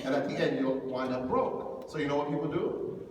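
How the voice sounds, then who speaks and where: A man giving an animated lecture to young people, acting out the voices of the people he quotes. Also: a little high, a little fast. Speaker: imam giving a youth lecture. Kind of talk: lively motivational lecture. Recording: echoey hall from far off, faint noise.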